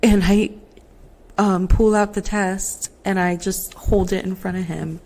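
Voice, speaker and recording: A young woman hosts a podcast from home, recorded on a laptop mic, telling her own story in an emotional, chatty way packed with fillers and "like." Her medium-pitched voice is a little mellow, with fairly even intonation and an unhurried pace.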